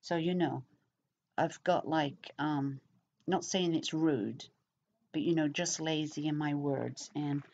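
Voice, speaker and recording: A woman's voice: low voice, steady tone, takes it slowly, a little mellow. A middle-aged woman from England with an English accent, chatting casually to camera in a rambling way with many fillers. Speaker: vlogger. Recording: dull lo-fi sound.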